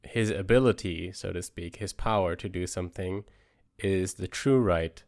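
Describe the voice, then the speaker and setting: A man co-hosting a podcast, asking measured questions about a philosophy book with pauses. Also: low-pitched, darkish tone, no room sound, clean studio sound. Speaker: podcast co-host. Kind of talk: casual book discussion.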